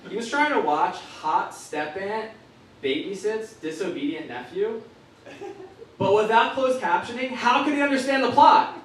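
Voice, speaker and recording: Lively young man doing stand-up. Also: sits high, a little slow, a little hiss or hum. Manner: punchy one-liners, deadpan delivery. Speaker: stand-up comedian. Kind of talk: stand-up comedy set. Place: comedy club stage. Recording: echoey club recorded from far off. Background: audience laughing.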